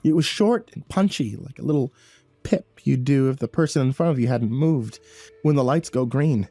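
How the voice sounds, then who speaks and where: A man's voice: medium pitch, moderate pace, warm tone, dry recording. A man narrating a first-person horror story in a tense, breathless way, stumbling over words now and then.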